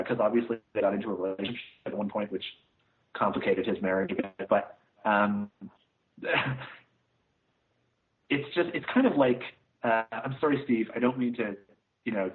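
A man co-hosting a casual podcast, giving a rambling, scathing film review full of "uh" and "like". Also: on the low side. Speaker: podcast co-host reviewing films. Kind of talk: casual chat. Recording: tinny phone-like line.

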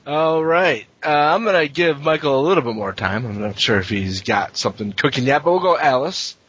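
A man's voice: fairly high pitch, expressive, a little fast, a bit bright, breathy edge. A man hosting a casual panel chat, rambling and correcting himself as he talks. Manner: rambling, self-correcting, laughs often. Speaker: podcast host. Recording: dull lo-fi audio.

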